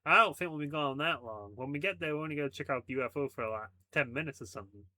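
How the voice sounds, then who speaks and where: A man's voice: a little high, animated, fast talker, sharp tone, dry recording, clean studio sound. A man voicing a brash, bossy boy with a boastful folksy drawl in a story reading. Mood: cocky.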